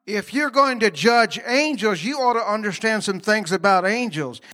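A man's voice: high voice, animated, moderate pace, pushed and bright. A man preaching a sermon in a folksy, conversational way, with laughing asides and questions put to the congregation.

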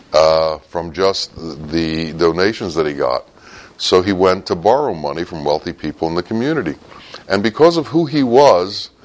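A man teaching a sermon through a story, with sudden loud, high bursts breaking up his low, quiet telling. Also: low-quality recording.

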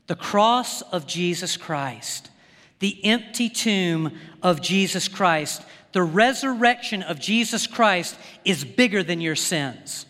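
A male pastor preaching a sermon with rising fervor, often stumbling over quick restarts as he gets worked up. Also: sits high, animated, pushed and bright. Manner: impassioned, builds to fervor, rapid restarts. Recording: long hall reverb.

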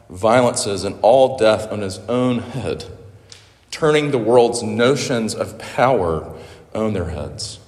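A man preaching a sermon, earnest and emotional, halting with fillers. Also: lowish voice. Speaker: pastor. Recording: echoey hall with long reverb.

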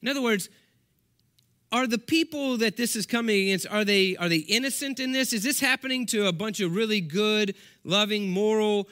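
A man's voice: sits high, lively intonation, normal speed, pushed and bright. A man, a senior pastor, preaching a sermon in a conversational way, asking the congregation questions and reading scripture aloud with emphasis.

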